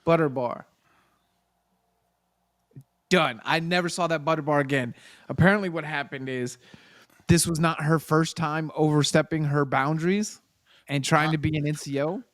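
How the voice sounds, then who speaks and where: A man who served in the Army, co-hosting a casual chat and telling an animated, profane story. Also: fairly high pitch, moderate pace, long pauses, no room sound, clean studio sound. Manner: animated storyteller, profane, acts out quoted people. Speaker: podcast co-host, Army veteran.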